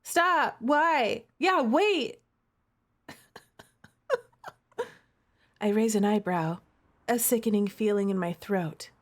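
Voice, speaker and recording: A woman's voice: on the high side, slow, long pauses. A woman streamer reading a romance game's text aloud and reacting with dramatic, playful overreactions. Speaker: gaming streamer.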